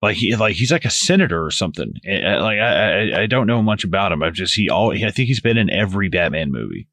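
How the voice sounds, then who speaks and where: A man's voice: sits low, quick pace, dry recording. A man co-hosting a podcast, chatting casually about a film in a rambling way, with frequent restarts and swearing. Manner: rambling, lots of restarts and swearing, animated asides. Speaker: podcast co-host. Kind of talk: casual film commentary chat.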